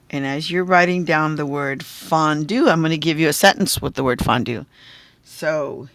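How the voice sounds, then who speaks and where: A woman's voice: deep voice, normal speed, fairly bright tone, dry recording. A woman teacher giving a phonics lesson on video, patiently sounding out syllables and checking in with the viewer.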